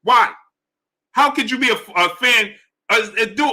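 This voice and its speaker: A man hosting a live boxing stream, arguing his point with repetition and greeting chat members in a lower voice. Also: normal speed. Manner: animated, argumentative, repeats points; drops low and soft for chat shout-outs. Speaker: boxing show host.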